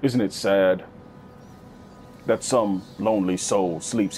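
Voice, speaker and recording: A man giving casual, slangy let's-play commentary, swinging between high yelps and low growls. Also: slow, pauses often, faint music behind. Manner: animated, slangy, swings into high-pitched bits and deep growls. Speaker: gaming YouTuber.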